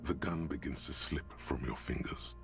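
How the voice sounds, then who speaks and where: Grim game narrator, very deep, gravelly. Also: male voice, normal speed, over music. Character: grim ominous male inner-voice narrator.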